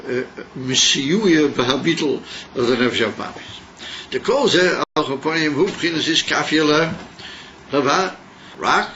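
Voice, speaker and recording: A man giving a yeshiva class lecture, mixing English with Yiddish and Hebrew terms and pausing often with fillers. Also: on the high side, lively intonation, sharp tone. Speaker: Torah teacher. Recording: dull lo-fi class recording with faint noise.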